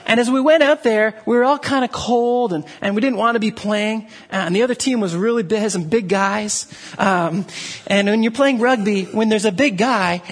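A man preaching a sermon, telling a story with many restarts and fillers, and dropping to a low, quiet voice for emphasis. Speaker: pastor.

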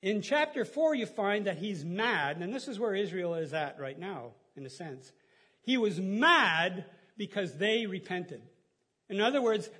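A middle-aged man giving a casual, folksy sermon as a pastor, chatty and quick to laugh at his own stories. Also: high-pitched, animated, a bit bright, husky.

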